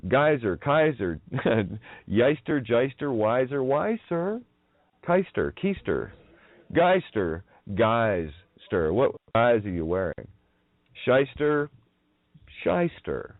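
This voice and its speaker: Mocking and profane, this radio host rambles through a solo monologue, laughing frequently and toying with the sounds of words. He talks slowly in a mid-range voice with big pitch swings. There's no room sound, and the audio is thin and phone-like.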